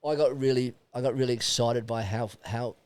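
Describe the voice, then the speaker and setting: A man's voice: medium pitch, brisk, clean tone, no room sound. A middle-aged Australian man, a podcast guest, talking bluntly and with plenty of swearing in casual chat. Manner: blunt, animated, swears freely.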